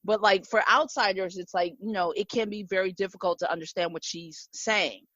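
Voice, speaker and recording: A woman with a Midwestern American accent hosting a casual chat, telling stories in an animated way with many fillers. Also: medium pitch, fairly quick, no room sound, lo-fi sound. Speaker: podcast host.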